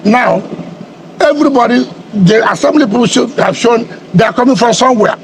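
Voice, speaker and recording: A middle-aged man with a notably high voice and a combative edge, hammering out rhetorical questions and repeating himself for emphasis. He answers in a heated media interview. Faint noise hums underneath. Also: lively intonation, a little fast. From Nigeria. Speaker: politician being interviewed.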